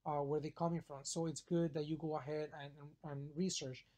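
A man with a somewhat high voice teaches a customer service class. He talks straight to the students in an unscripted lecture. He leans on fillers and keeps checking in with "okay?". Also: flat delivery, a little fast, mellow.

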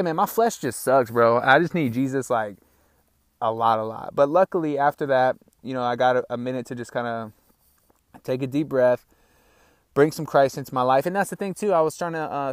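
A man's voice: medium pitch, smooth, dry recording. Young man, casual solo podcast, rambling and candid, slightly winded, dry close sound. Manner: rambling, candid, calls listeners "bro" and "man". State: out of breath. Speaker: podcast host. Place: small outdoor hideout on rural land.

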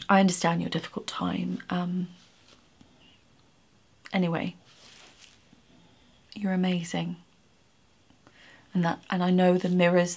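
A woman's voice: on the low side, creaky. A woman talking straight to camera in an earnest, reassuring way, often restarting her sentences and sometimes close to tears. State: emotional, near tears at times. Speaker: YouTuber. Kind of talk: heartfelt direct-to-camera message.

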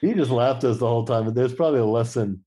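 A man's voice: mid-range voice, fast talker, slightly rough. A middle-aged man, a podcast guest, telling travel anecdotes in casual conversation and acting out the quoted exchanges. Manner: lively anecdotal storyteller who acts out quoted exchanges.

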